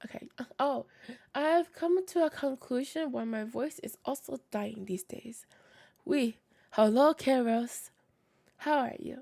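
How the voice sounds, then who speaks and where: A woman's voice: sits high, a little slow, vocal fry, dark tone. A young woman streamer with a scratchy, tired voice, chatting casually with viewers, rambling with many fillers and frequent laughs. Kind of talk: casual livestream chat with viewers.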